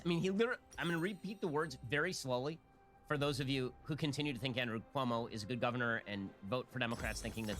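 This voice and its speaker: A man hosting a political commentary show, sarcastic and mocking in his rapid-fire delivery. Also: mid-range voice, a bit bright.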